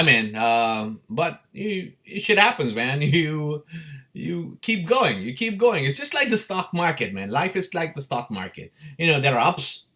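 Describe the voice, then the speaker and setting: Casual man telling his own story. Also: mid-range voice. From India. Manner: animated, swearing, laughs often. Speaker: crypto livestream host.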